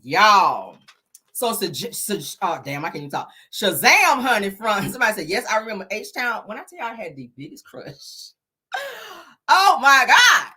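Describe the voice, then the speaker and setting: A sassy woman dishes celebrity gossip to her livestream viewers, calling them honey and child. Her voice is bright and ringing, and her pitch swoops up and down as she teases. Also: sing-song, moderate pace, breathy edge.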